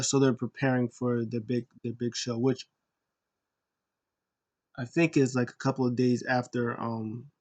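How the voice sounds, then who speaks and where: A man casually recapping a wrestling show, rambling with many fillers and restarts, getting animated when he retells what was said. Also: medium pitch.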